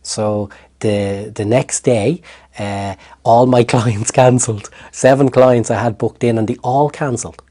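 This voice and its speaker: A middle-aged Irish man, a therapist, recounting a personal story in an interview with lively restarts. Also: medium pitch, measured pace. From Ireland. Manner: animated storytelling with hesitant restarts. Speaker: guest, therapist.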